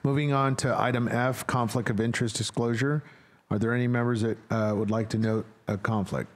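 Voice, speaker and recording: A man's voice: medium pitch, steady tone, fairly quick. Man chairing a board meeting. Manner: procedural, with frequent fillers.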